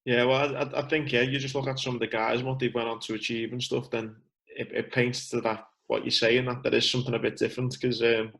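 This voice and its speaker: A man hosting a podcast interview, asking questions in a relaxed casual way. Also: medium pitch, quick pace, vocal fry, hardly any pauses, low-quality recording. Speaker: podcast host.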